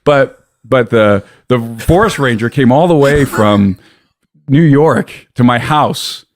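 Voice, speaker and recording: An American man, a podcast guest, telling a story in an animated way, often breaking off and restarting his sentences. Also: mid-range voice, slow pace, no room sound, clean studio sound. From United States. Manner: animated, self-interrupting storyteller. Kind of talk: casual storytelling.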